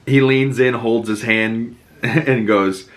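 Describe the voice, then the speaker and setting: A man's voice: mid-range voice, fairly even intonation, slow, a bit bright. A young man hosting a podcast, recapping a TV episode in a loose, profane, filler-heavy casual way. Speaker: podcast host.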